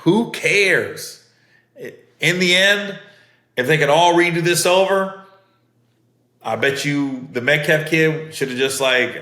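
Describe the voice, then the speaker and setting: A man's voice: fairly high pitch, takes it slowly, sharp tone. A middle-aged man hosting a podcast, telling stories in a casual, earnest way that often repeats itself. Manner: conversational, repeats himself, earnest. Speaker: podcast host. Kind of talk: casual storytelling monologue. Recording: roomy echo.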